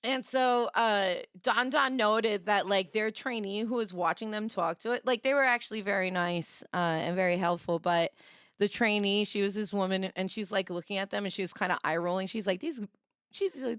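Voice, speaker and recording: A young woman streamer telling a story in a casual, animated way, laughing and acting out the people she quotes. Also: medium pitch, normal speed, clean tone, no echo, studio quality.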